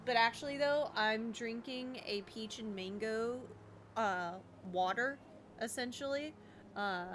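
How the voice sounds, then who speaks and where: A woman's voice: mid-range voice, a bit bright, slight background noise. A young woman with a Southern US accent, chatting casually and bubbly while streaming a game, laughing easily. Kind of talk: casual livestream chat while gaming.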